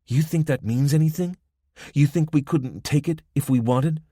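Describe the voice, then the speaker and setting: A man's voice: a little high, moderate pace, dark tone, no room sound, studio quality, pitched above the performer's own voice, close to an everyday voice. A man voicing a mocking young gang woman with a Spanish accent. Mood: hard. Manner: mocking, playful, giggly. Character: young woman, armed roadblock gang member, teasing and confident. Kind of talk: audiobook character voice.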